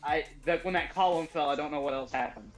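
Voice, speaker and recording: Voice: medium pitch, fast talker, faint music behind. A player in a tabletop game on a voice call, hesitant and full of restarts, who bursts out in squeamish reactions. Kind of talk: casual tabletop game chat.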